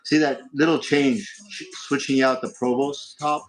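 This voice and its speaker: A man's voice: mid-range voice, steady tone, unhurried, soft background music, low-quality recording. A man hosting a casual livestream from a lounge, rambling with lots of fillers and restarts. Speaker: livestream host. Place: hookah lounge.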